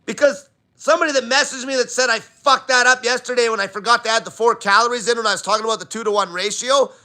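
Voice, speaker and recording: A man's voice: very high-pitched, steady tone, fast talker, bright, forceful tone. A man hosting a live diet Q&A, talking bluntly and swearing constantly in an emphatic rant. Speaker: diet channel host.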